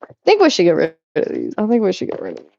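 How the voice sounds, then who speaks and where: A woman's voice: on the low side, wildly swooping pitch, fast, vocal fry, dry recording, highs cut off. A young woman vlogging casually as she sorts things at home, talking in a rambling, chatty way, cutting herself off and laughing often. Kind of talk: casual chat while cleaning.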